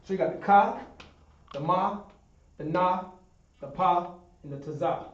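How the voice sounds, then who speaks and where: Male instructor, fairly high voice, patient stepwise explanations, recorded from across an echoey classroom. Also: a little slow. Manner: explains step by step, often asks "understand?". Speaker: teacher of a Hebrew class. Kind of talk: classroom teaching at a whiteboard. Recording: echoey room, distant dull sound.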